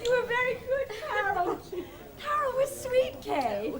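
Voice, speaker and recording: Chattery party-loving mum, middle-aged, voice way up high and bouncy. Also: female voice, sing-song, a little slow, a crowd in the background, noisy background, exaggerated voice. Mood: gushing. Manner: effusive, chattering. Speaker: mother of grown children. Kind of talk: televised stage drama.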